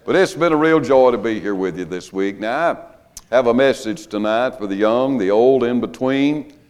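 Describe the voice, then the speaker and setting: Older preacher, folksy revival sermon with humor, mid-pitched, rising to emphatic preaching. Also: male voice, moderate pace, clear, resonant tone. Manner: folksy, joking, building to loud emphatic preaching. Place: church sanctuary.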